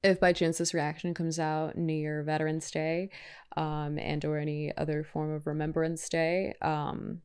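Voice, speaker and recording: A woman making casual reaction commentary on a film, chatty and quick to exclaim. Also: low voice, little pitch movement, a little mellow, clean tone. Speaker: movie reaction YouTuber.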